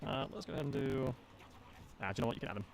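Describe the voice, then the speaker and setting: Rapid-fire and gravelly, a young man's medium-pitched voice carries his casual live-stream chatter as he plays a strategy game tournament match. He is chatty and jokes at his own expense.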